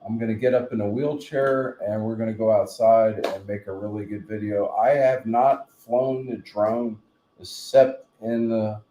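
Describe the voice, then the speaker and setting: Mellow-voiced New man, rambling. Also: lowish voice, steady tone, unhurried, slight background noise. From New Jersey. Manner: rambling, joking storyteller. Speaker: live stream host. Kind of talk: casual live stream chat. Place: home room, in bed. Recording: roomy echo.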